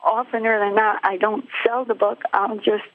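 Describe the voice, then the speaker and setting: A woman's voice: mid-range voice, level tone, moderate pace. An older woman giving her personal testimony in an earnest, plain storytelling way, heard over a tinny phone line.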